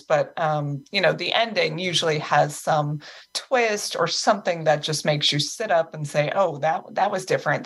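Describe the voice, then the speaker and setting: A woman's voice: low voice, a bit bright. A woman writer explaining her craft in a friendly way, with some fillers. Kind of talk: discussion guest.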